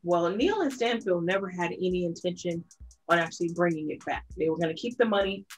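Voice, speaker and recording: A woman with a fairly low voice, co-hosting a casual true-crime podcast. She retells events in an animated, storytelling way, acting out the people in the story as she goes. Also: brisk, faint music behind. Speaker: podcast co-host.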